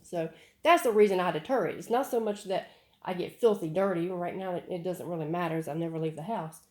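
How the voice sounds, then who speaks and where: A middle-aged woman talks through a dog training session in a relaxed, chatty way. Her voice sits a bit low for a woman. She often repeats herself as she goes. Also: fast talker. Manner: chatty, repeats words, sharp commands to puppy. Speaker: dog breeder. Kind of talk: casual training demo.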